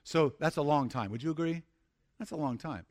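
A middle-aged male pastor delivers a sermon in a voice sitting a little higher than most men's. He talks in a conversational way, restarting phrases and slowing down to stress key points. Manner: conversational preaching, frequent restarts, slows for emphasis.

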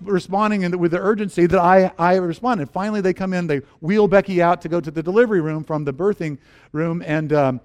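A middle-aged man preaching a sermon, telling personal stories with animated, acted-out moments and quiet earnest turns. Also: fairly quick. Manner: animated storyteller, acts out scenes with sudden high exclamations. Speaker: pastor.

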